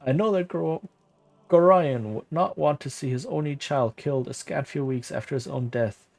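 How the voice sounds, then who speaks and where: A man's voice: on the high side, normal speed, gravelly, soft background music. A man reading as a kindly old monk mentor. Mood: gentle. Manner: old-fashioned formal speech, read aloud softly.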